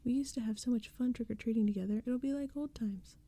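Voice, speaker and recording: A woman's voice: fairly high pitch, fast talker, warm tone, dry recording. A woman voicing a pesky seven-year-old girl in a whispered role-play, whiny and pleading. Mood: coaxing.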